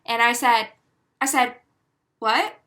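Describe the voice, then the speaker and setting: A young woman co-hosting a casual podcast. She tells a story with lively energy and acts out each line of dialogue. Her voice is bright and sits a little high. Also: normal speed. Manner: animated storyteller, acts out quotes with many "like"s. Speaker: podcast co-host.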